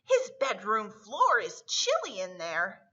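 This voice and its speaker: Eager little storybook girl, read by a woman; lively and bright. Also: medium pitch, takes it slowly, dull audio, heavily acted. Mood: excited.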